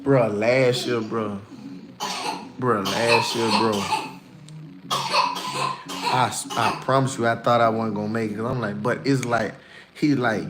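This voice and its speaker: A man's voice: medium pitch, steady tone, moderate pace, pauses often, heavy background noise. A man giving casual, emphatic spiritual encouragement on a livestream, folksy and repeating himself for emphasis.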